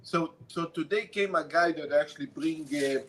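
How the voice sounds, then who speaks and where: A man's voice: fairly high pitch, moderate pace, a bit bright, slight background noise, low-quality recording. A man chatting as a guest on a live stream, hesitant and agreeable, often repeating words before he gets them out. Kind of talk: casual live-stream chat.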